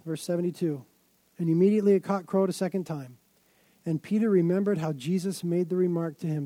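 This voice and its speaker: A man's voice: sits high, a little fast, warm tone, dry recording. A man preaching a sermon, telling stories dramatically with emphatic build-ups. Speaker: pastor.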